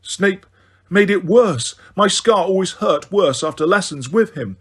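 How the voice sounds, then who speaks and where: A man voicing a grieving, furious teenage boy wizard in an audiobook, snarling and yelling his accusations. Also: sits high, expressive, a little slow, breathy edge, voice pushed up, exaggerated voice. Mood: angry. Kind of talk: audiobook character reading.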